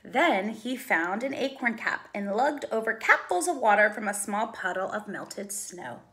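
A woman, a preschool teacher, reading a picture book aloud with expressive, sing-song storytelling. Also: mid-range voice, measured pace.

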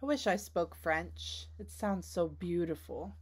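A woman hosting a reaction video who talks in an earnest, rambling way, full of "like"s and trailing pauses. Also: fairly low pitch, husky. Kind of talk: casual reaction commentary.

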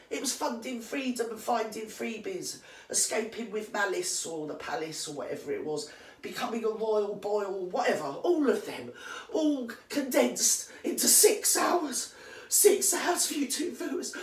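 A performer playing an indignant old English granny with a British accent who gossips and swears in a rambling comedy monologue, recorded in a roomy space from a distant mic. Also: close to an everyday voice. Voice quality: slangy, swears constantly and rambles. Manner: mock-outraged gossiping with big pitch swings.

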